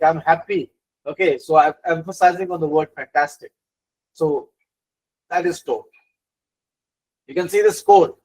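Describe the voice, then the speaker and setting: A middle-aged male instructor gives a live online lecture on business communication, with a voice a little higher than usual. He talks in an animated way, circles back over his points, and fills pauses with frequent fillers. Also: rough recording. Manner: animated lecturing, with many fillers and repeated phrases.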